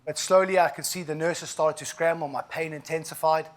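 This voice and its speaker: A man's voice: on the high side, steady tone, brisk. A man of about forty with a South African accent, giving an inspirational keynote and telling his story in a vivid, emphatic way with frequent asides. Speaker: keynote speaker.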